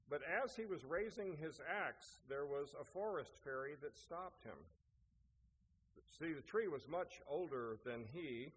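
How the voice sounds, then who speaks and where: A man's voice: on the high side, fairly bright tone. A man preaching a sermon as pastor, telling a story and asking rhetorical questions. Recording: echoey hall, faint noise.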